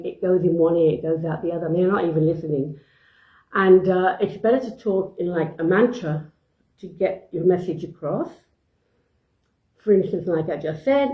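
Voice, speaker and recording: A woman's voice: fairly low pitch, warm tone, roomy sound, poor audio. A woman giving informal parenting advice off the cuff, with many fillers and restarts, acting out short parent and child exchanges. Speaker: parenting speaker.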